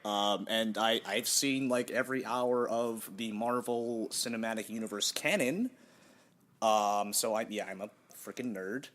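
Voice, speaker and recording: This is a young man co-hosting a relaxed podcast conversation. His voice sits on the lower side. He rambles cheerfully, pokes fun at himself and laughs often. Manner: chatty and self-deprecating, quick to laugh. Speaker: podcast co-host. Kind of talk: casual chat.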